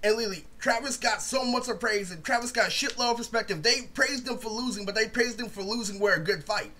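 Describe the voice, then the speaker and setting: A man's voice: sits high, fast talker, sharp tone, a little hiss or hum. A young man ranting casually in a rambling, profane way, saying "literally" over and over. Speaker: video creator. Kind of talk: casual storytime rant.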